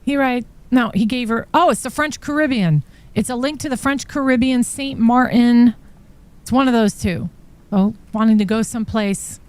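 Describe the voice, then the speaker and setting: Her voice is a little high, smooth, and somewhat dark, and she moves at a moderate pace. She is a true crime podcast host on a live stream, reading trial-exhibit text messages aloud and reacting with shocked remarks.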